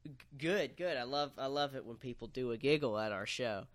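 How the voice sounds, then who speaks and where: A man co-hosting a podcast, recapping a story in relaxed casual chat with lots of fillers. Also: mid-range voice, brisk, dry recording. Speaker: podcast co-host.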